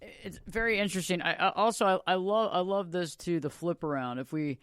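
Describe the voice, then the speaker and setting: A man's voice: high-pitched, a little fast, fairly bright tone, smooth, no echo, studio quality. A man hosting a podcast interview, enthusiastic and often repeating words as he starts a sentence. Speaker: podcast host.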